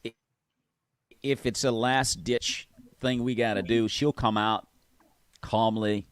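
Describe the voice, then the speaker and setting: A man's voice: medium pitch, fairly even intonation, slow pace, clean tone, no room sound. A male host, talking casually and enthusiastically and often repeating his words. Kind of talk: conversational interview.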